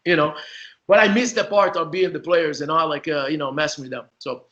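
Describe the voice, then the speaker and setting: A man's voice: a little high, steady tone, fairly quick, sharp tone, highs cut off. A man with a Brazilian accent, a former player now coaching, telling locker-room stories in a loose, laughing, chatty way. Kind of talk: casual storytelling.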